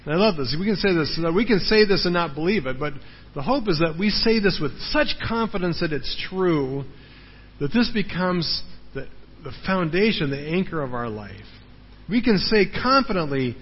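A man's voice: on the high side, very animated, normal speed, slightly rough. A man preaching a sermon as a pastor, earnest, repeating words for emphasis and often checking in with the congregation. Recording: dull sound in a large reverberant hall.

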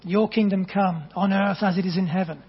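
Husky high-voiced preacher. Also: male voice, steady tone, fairly quick. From England. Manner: earnest, storytelling, conversational with gentle asides. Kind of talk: sermon. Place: church hall. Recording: dull, long reverb in a church hall.

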